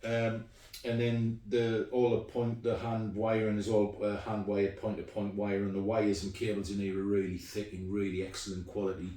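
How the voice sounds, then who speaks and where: A man's voice: lowish voice, level tone, normal speed, mellow. A middle-aged man, chatting casually and rambling with plenty of ums as he shows off his guitars. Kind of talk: casual show-and-tell. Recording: echoey room, mic at a distance.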